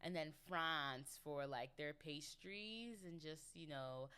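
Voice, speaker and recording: Young woman podcast host, low-pitched, rambling and giggly, casual solo chat. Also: slow, few pauses, pushed and bright, clear, resonant tone. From United States. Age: 20s. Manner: chatty, giggly, rambling with playful asides.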